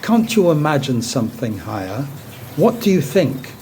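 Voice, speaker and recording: A man's voice: fairly high pitch, sing-song, normal speed, darkish tone, slight background noise. A man reading the lines of an earnest, self-conscious young husband in a story. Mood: pleading. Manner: intense, pleading.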